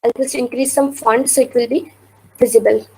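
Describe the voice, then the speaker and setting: A woman teaching an online language class, saying each word slowly and carefully and repeating it, with an Indian English accent. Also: a little high, steady tone, warm tone, a little hiss or hum, low-quality recording. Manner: slow, careful pronunciation with repeated words. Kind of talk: online teaching over screen share.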